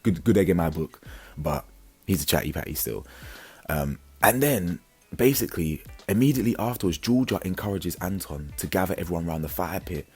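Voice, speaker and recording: A young man giving slangy, animated commentary on a reality show, jumping into high excited bursts. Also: husky. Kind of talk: casual commentary.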